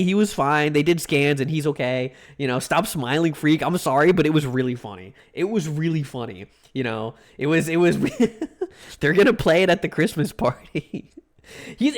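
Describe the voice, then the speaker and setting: A young man chatting casually with viewers on a livestream, rambling, laughing often and stammering through repeated words. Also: on the high side.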